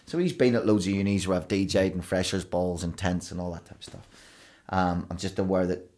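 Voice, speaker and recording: A man, a broadcaster and DJ guest telling rambling, animated stories in a casual podcast chat. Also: deep voice, fairly quick. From Belfast, Northern Ireland. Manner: rambling, animated storytelling with restarts.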